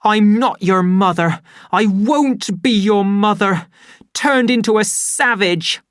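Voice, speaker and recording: A narrator voicing a bitter, volatile young woman who shouts shrilly in an audiobook story. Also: medium pitch, slow pace, no echo, studio quality, pitched above the performer's own voice, close to an everyday voice. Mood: furious. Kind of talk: audiobook character voice.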